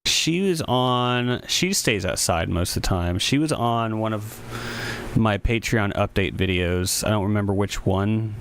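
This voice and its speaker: A man's voice: fairly low pitch, measured pace, fairly bright tone, a little hiss or hum. A man, a composer streaming live, chatting casually and rambling with many restarts. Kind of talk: casual livestream chat. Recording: music playing behind the voice. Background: music.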